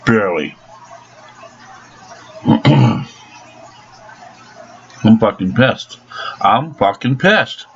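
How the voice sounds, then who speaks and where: A man's voice: fairly low pitch, expressive, drawn-out words, gravelly, long pauses, slight background noise. Angry man ranting, lo-fi sound. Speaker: angry car owner. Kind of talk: ranting vlog. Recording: dull lo-fi recording.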